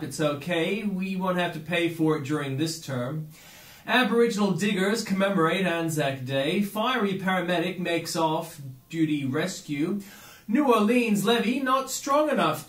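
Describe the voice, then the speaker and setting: A man from Australia reads the day's headlines in a high voice. He slips dry, sardonic remarks in between the items. The recording has a noticeable room echo. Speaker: news headlines reader. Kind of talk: reading news headlines with wry asides.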